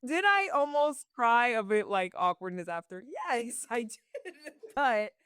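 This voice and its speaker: A woman's voice: fairly high pitch, very animated, measured pace, a bit bright, clear, resonant tone, no echo, studio quality. A young woman working as a barista, answering interview questions casually with many "like" fillers and frequent laughs.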